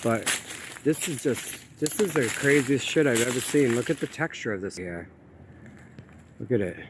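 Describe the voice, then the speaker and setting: A man's voice: medium pitch, moderate pace, noisy background. A man filming a casual walking vlog outdoors by a canal. He sounds amazed, repeats himself and addresses his viewers, and he is out of breath from climbing. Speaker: vlogger exploring brick ruins.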